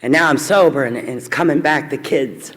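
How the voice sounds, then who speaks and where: A woman's voice: sits low, fairly quick. Woman, middle-aged, frank, self-mocking, personal testimony, long hall echo. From Kentucky. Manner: candid, blunt, self-deprecating humor. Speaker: recovery meeting speaker. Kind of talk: personal testimony talk to a crowd. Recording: reverberant hall.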